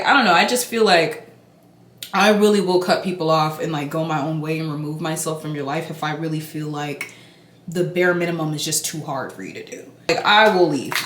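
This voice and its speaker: A young woman in a get-ready-with-me vlog, chatting casually while she does her makeup. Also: lowish voice. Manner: chatty and animated, talking while doing makeup. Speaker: beauty vlogger. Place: indoor room, hotel. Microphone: camera mic. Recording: echoey room.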